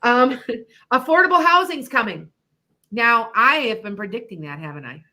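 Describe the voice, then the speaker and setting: A woman's voice: on the high side, expressive, normal speed, bright, forceful tone. A middle-aged woman hosting an internet radio show, chatting loosely about her psychic predictions, rambling and laughing often. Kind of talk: casual chat about predictions.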